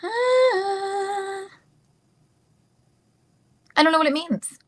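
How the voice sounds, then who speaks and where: A woman in a casual livestream coos and giggles to a small dog and thanks viewers for donations. Her voice sits at an everyday pitch, loose and playful. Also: normal speed. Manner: cooing, giggly, talks to a dog. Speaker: guest in a played livestream clip.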